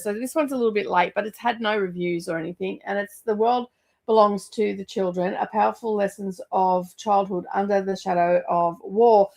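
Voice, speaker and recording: A middle-aged woman chats casually about her reading, wandering from thought to thought with frequent ums. Her voice has a gravelly, creaky texture at a middle pitch. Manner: chatty, rambling with many fillers. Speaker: book vlogger. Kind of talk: casual chat.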